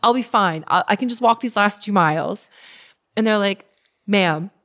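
A woman in her thirties telling a personal story in a casual interview, animated and full of fillers. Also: mid-range voice, moderate pace. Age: 30s. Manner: animated retelling with many fillers, voicing others. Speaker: guest.

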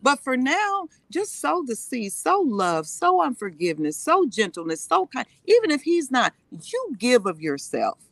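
A woman's voice: high voice, wildly swooping pitch, a little slow, gravelly, few pauses, a bit bright, no echo. A woman co-pastor tells her faith testimony in an interview, acting out the voices she quotes.

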